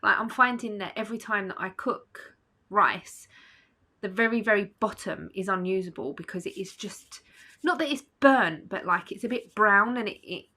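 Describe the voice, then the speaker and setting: Bright-toned, sleepy chatty woman. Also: mid-range voice, moderate pace. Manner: chatty, rambling, with fillers and small laughs. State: sleepy, yawning. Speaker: vlogger. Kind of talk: casual chat to camera. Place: at home.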